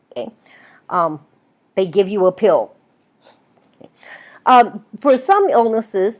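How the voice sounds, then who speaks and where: A woman teaching a writing class in a recorded video lecture, explaining at length and checking in with "right?" as she goes. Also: mid-range voice. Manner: lively, explanatory, asks "right?" often. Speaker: writing instructor.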